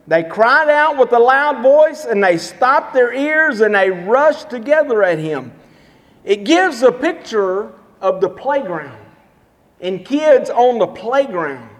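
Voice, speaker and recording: A pastor preaching a sermon in a church, emphatic and repetitive as he tells stories and drives his points home. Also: high-pitched. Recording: long hall reverb.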